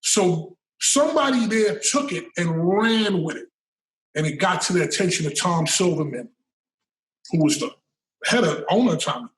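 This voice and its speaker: A man's voice: sits high, lively intonation, normal speed, distant mic, slight background noise. A man as a podcast guest, telling stories in a casual interview, emphatic and profane, often repeating words as he builds a point. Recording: roomy and off-mic.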